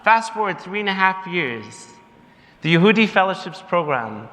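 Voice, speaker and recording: A man tells a story from the stage of a gala, bright and ringing in tone. He acts out the voices of the people in his story. A long hall reverb trails each phrase. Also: sits high, normal speed. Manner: lively storyteller, mimics others in quotes. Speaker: gala speaker for the organization. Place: large banquet hall.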